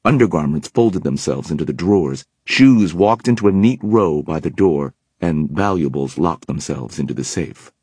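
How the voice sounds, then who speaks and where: Very deep, husky male narrator. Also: normal speed, hardly any pauses, no room sound. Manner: steady storytelling. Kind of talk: scripted audiobook narration.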